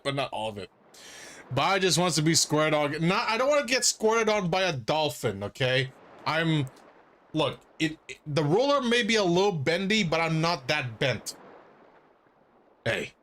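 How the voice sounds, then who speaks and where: A man's voice: fairly high pitch, fairly bright tone. A man streaming a role-playing game, playful, laughing often and reading the game text aloud. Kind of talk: casual gaming commentary.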